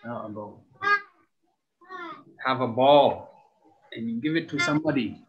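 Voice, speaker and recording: A man teaching English to young pupils, spelling out words letter by letter and repeating each word clearly for practice. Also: medium pitch, a little slow, highs cut off. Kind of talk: slow, clear classroom instruction.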